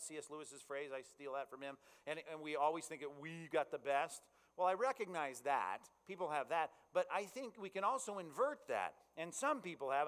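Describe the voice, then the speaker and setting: A man's voice: on the high side, fairly bright tone. A man preaching a sermon as pastor, in a conversational way that keeps checking in with his listeners. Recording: long reverb in a large hall.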